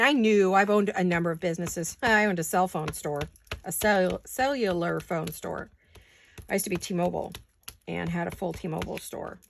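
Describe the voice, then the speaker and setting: A woman's voice: lowish voice, gravelly, a little hiss or hum. A middle-aged woman chatting casually and rambling while she does a paper craft, now and then breaking into giggles. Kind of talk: casual craft-along chat.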